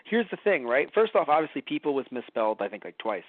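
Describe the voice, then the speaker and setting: A man co-hosting a casual podcast chat, talking loosely and swearing with a lively, bouncing delivery. The recording is dry and narrow, like it came through a phone line. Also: medium pitch, quick pace, dry recording. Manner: animated, profane, laughs often. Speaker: podcast co-host.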